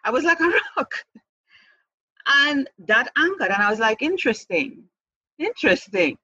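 This adult mother's voice is high, expressive and sharp, moving at a moderate pace, though the audio sounds dull and echo-free. As an interview guest she talks candidly and earnestly about her life, repeating and restarting words between light laughs.

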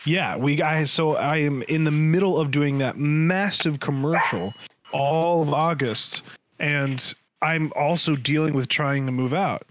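A man hosting a podcast, telling a story in a casual, animated way, often correcting himself mid-sentence. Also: fairly high pitch, measured pace, highs cut off, background noise. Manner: animated, rambling, self-correcting. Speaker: podcast host.

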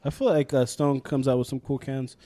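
A man's voice: mid-range voice, flat delivery, brisk, mellow, no room sound. A man co-hosting a podcast in casual chat, easygoing and curious. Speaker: podcast co-host.

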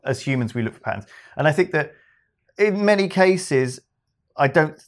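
A man's voice: fairly high pitch, lively intonation, normal speed. Easygoing, rambling male podcast co-host. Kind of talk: casual chat.

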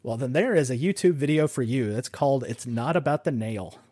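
A man's voice: medium pitch, a little fast, darkish tone, no echo. A father of two in casual chat, telling stories with easy chuckles.

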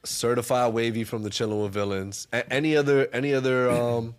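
A man's voice: mid-range voice, level tone, brisk. A man co-hosting a podcast, chatting casually with friends and leaning on filler words. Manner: laid-back, lots of "like" fillers. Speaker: podcast co-host. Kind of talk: casual chat.

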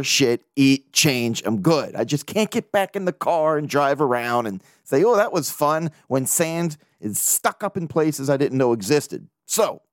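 A man's voice: medium pitch, no room sound, studio quality. A man hosting a casual solo podcast, rambling and joking, swearing freely as he talks. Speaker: podcast host.

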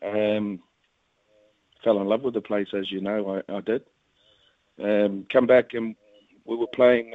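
A man's voice: fairly low pitch, dry recording. A man in his fifties with a New Zealand accent talks in a loose, rambling way with an easy chuckle. He sounds boxed in and tinny, like a phone call, with no room sound around him. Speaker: rugby league club chief, phone guest. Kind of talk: casual phone interview.

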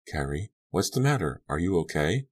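A pouty, fretful teenage girl from an audiobook, read by a man. She talks in a light, worried way over a very deep voice. It is a plain storybook reading. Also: very animated, normal speed.

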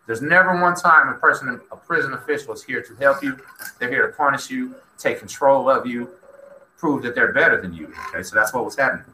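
Bright-voiced Texas man telling stories. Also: mid-range voice, brisk. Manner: animated, acts out quoted dialogue, talks to chat. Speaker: host. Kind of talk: casual storytelling livestream. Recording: echoey room with faint noise.

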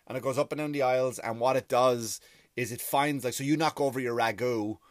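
A man's voice: medium pitch, steady tone, fairly quick, no room sound, clean studio sound. A man in his forties delivering a rambling, profane comic monologue as a podcast host.

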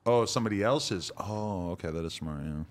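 A man with a very deep voice hosts a casual chat. He talks quickly and keeps teasing his guest with dry jokes.

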